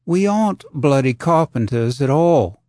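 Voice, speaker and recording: A man's voice: medium pitch, lively intonation, a little slow, warm tone, no room sound, clean studio sound, natural voice. A man voicing a blunt, uneasy male craftsman who presses with questions in a storybook reading. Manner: insistent, questioning.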